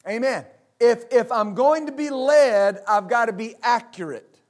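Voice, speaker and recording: A man pastor preaching to a congregation, with halting restarts, asking them for responses and adding frequent amens. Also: very high voice. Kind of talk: sermon. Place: church service with congregation.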